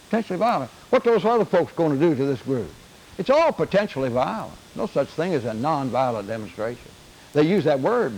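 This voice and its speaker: A man's voice: fairly high pitch, low-quality recording. Older man teaching a Bible class. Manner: earnest, repeats key phrases for emphasis.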